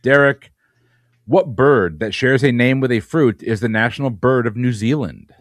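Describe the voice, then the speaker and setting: A man hosting a trivia game, reading questions briskly and teasing the players. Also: medium pitch, dry recording, studio quality. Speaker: quizmaster.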